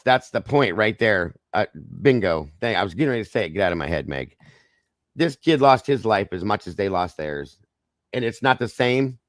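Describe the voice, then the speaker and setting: Male true-crime streamer, low and hoarse, fired up and cursing, close dry sound. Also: no room sound. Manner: angry, ranting, swears freely; greets viewers by name between rants. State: hoarse, losing his voice. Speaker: livestream host. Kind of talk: true-crime livestream chat.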